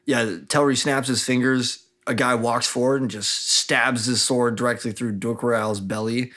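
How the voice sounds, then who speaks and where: A man's voice: mid-range voice, steady tone, moderate pace, a bit bright. Chatty man recapping a book. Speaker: podcast host. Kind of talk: casual book-club recap.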